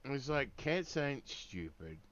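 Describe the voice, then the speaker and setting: A man's voice: mid-range voice, big pitch swings, takes it slowly, a bit bright, dull audio. A man streaming a game, telling a meandering story in laid-back, swearing casual chat full of fillers. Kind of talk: rambling casual chat while gaming.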